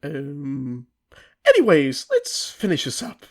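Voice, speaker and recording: A woman hosting a comedy commentary video, dry, weary and deadpan. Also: low-pitched, slow. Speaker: host of a commentary show.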